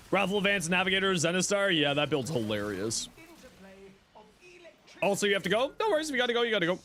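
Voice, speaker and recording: A man's voice: high-pitched, fairly bright tone. Chatty young male game streamer. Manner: chatty, reads chat aloud, jokey. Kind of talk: casual live game commentary.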